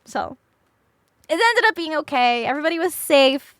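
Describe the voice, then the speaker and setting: A woman's voice: high-pitched, expressive, normal speed, a bit bright, dry recording, studio quality. A young woman streamer telling a story casually to her chat, laughing often and swearing freely.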